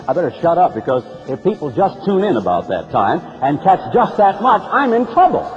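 A man's voice: huge pitch swings, brisk, hardly any pauses, soft background music. A man preaching an emphatic, sarcastic broadcast sermon, recorded on a dull lo-fi tape with long reverb. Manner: emphatic, sarcastic preaching with sharp pitch swings.

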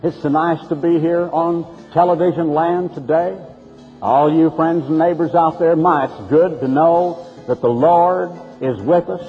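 A man's voice: fairly high pitch, fairly even intonation, unhurried, soft background music, natural voice. A man voicing a mocking parody of an overly sweet male television preacher, in a sing-song way, on a dull lo-fi tape with long reverb. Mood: mocking syrup.

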